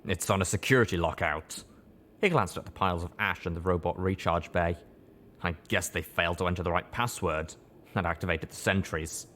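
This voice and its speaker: A man narrating a first-person story as an audiobook reader, in a steady, measured way. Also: sits low, slight background noise.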